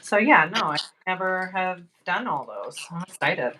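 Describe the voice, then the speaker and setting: A woman hosting a casual sewing livestream, upbeat and quick to praise, laughing often as she works. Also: on the low side, sing-song, sharp tone, a little hiss or hum, low-quality recording. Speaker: sewing channel host. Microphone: livestream camera mic.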